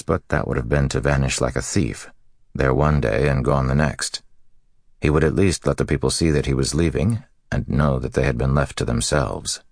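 A man narrating a fantasy audiobook in an extremely deep, gravelly voice. His delivery is steady and even, and the sound is dry and close to the mic. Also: dry recording.

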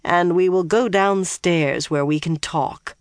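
A woman's voice: lowish voice, slow, no room sound, studio quality. A reader voicing a stern young woman who questions captives curtly. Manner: curt and disgusted, then stiffly grateful.

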